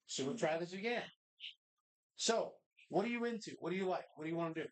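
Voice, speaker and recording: A man's voice: high voice, lively intonation, quick pace, rough recording. A man co-hosting a live podcast from a bar, talking bluntly and swearing freely as he rants. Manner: blunt, profane, ranting. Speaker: co-host.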